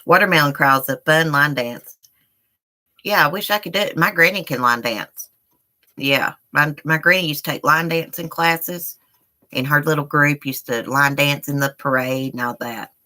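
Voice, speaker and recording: A woman's voice: deep voice, moderate pace, bright, forceful tone. A woman hosting a live stream from home, chatting casually and rambling while she talks to her viewers as y'all. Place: indoors at home.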